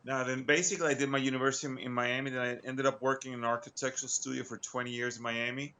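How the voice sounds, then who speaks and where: Brief: adult man, medium voice, halting, repeats himself, casual guest on a livestream. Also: medium pitch, level tone, sharp tone, slight background noise. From Long Island, New York. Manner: stammering, repeats words. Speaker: guest caller. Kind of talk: casual live-stream chat.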